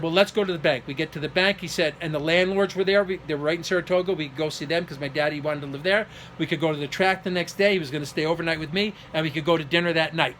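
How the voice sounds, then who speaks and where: Middle-aged man, high and bright, agitated storyteller who voices everyone he quotes. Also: slight background noise. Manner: agitated, acts out quoted dialogue, rising to near shouting. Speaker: vlogger telling a personal story. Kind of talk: emotional personal monologue.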